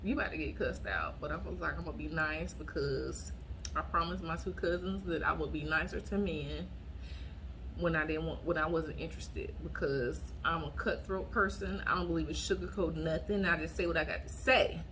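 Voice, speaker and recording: A woman vlogger telling a dating story to her viewers in a casual, blunt and animated way, often acting out what she said in a raised voice. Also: low-pitched, moderate pace, a little hiss or hum.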